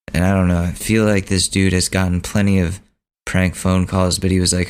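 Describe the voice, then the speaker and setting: A man hosting a podcast, telling a story in a relaxed, rambling, casual way. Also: deep voice, normal speed, clear, resonant tone. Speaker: podcast host.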